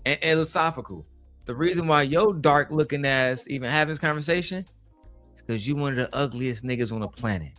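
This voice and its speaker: A man's voice: mid-range voice, a little fast, a bit bright, soft background music. A man hosting a casual livestream commentary show, talking in a brash, profane, mocking way. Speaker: show host.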